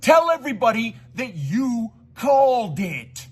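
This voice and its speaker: This young YouTuber answering a video speaks in a very high, very animated voice, a little on the slow side. He's furious and foul-mouthed, ridiculing the person he's addressing and calling him "dude" repeatedly.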